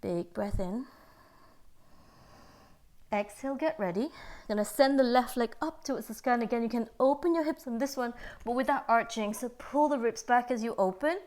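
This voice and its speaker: A woman yoga teacher guiding a class through poses and breaths, calm and steady, a little out of breath. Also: on the high side, normal speed. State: slightly out of breath. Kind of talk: guided yoga class instruction.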